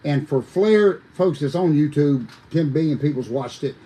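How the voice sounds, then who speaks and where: A man, a former wrestler telling lively, folksy stories as a podcast guest, talking straight to his listeners. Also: fairly high pitch, moderate pace, rough recording. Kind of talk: animated storytelling on a podcast.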